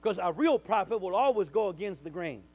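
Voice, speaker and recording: A man, a minister, telling a personal testimony in conversation, full of restarts and sudden loud bursts. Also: high-pitched, fairly quick, lo-fi sound. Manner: animated storyteller, stammering restarts, bursts loud when quoting. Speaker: minister, guest.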